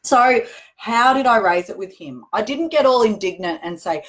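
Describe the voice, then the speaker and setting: A woman's voice: mid-range voice, lively intonation, moderate pace, fairly bright tone. A middle-aged woman hosting a show, talking earnestly and conversationally to camera, with emphatic repetition. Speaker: host answering viewer questions. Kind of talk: casual direct-to-camera talk.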